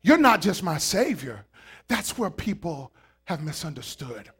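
A man preaching a sermon in a high voice. He drives his points home with fiery shouting, then drops to quieter asides. He keeps calling out to the congregation. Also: very animated, measured pace, husky. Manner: calls out to the congregation.

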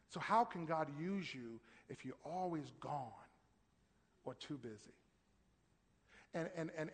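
A man preaches a sermon with a high, ringing voice, pushing his points up to shouted emphasis and calling out to the congregation. The sound carries a long reverb tail from the church hall around him. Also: slightly rough. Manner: preaching with rising shouted emphasis and call-and-response. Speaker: pastor. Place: church sanctuary.

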